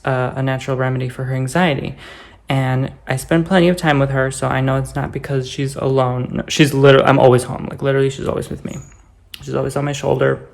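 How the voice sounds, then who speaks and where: A man's voice: medium pitch, vocal fry. Chatty male home vlogger with a mid-range voice, casual, drifts into baby talk with his pets. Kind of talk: casual follow-me-around vlog. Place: indoors at home, office area.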